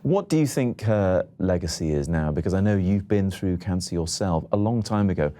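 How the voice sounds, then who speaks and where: Male news anchor, very deep and mellow, talks fast. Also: animated. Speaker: news presenter. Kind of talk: TV news interview. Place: TV news studio.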